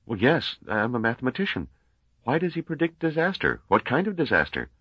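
Reading aloud from a storybook, a very deep-voiced man plays a young male mathematician who is earnest but puzzled, polite and hesitant, in a voice pitched well above his own. His fairly quick, slightly husky delivery rises and falls lively, and the recording is dry and dull with no echo.

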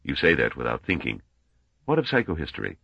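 A stern old male scholar, as a man reading a storybook puts him on, grave and measured, with a very deep, slightly husky voice. The recording is dry and dull. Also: huge pitch swings, dry recording, heavily acted. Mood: probing. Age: older.

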